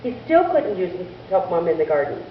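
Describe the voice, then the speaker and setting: A woman telling a church children's story in an animated way, asking the children questions as she goes, in a distant, echoey church recording. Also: fairly low pitch, fairly quick, highs cut off, slight background noise. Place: church sanctuary.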